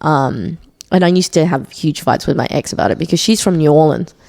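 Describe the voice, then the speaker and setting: A woman's voice: low voice, a little fast, vocal fry, darkish tone. A young woman co-hosting a podcast, asking questions in a curious, teasing, casual way. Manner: curious, teasing, easy laughs. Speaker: podcast co-host. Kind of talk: casual chat.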